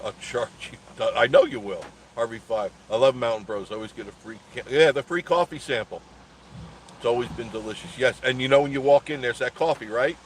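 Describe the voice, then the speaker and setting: Chatty older man. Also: mid-range voice. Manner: rambling, chatty, laughs often. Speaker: live stream host. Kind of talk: casual live chat reading comments. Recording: faint background noise.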